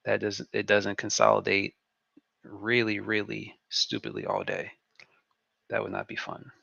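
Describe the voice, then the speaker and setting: A man's voice: fairly low pitch, completely flat delivery, measured pace, creaky, pushed and bright, dry recording. A man hosting a live trading stream, giving laid-back market commentary and repeating phrases to himself on a dull, lo-fi recording.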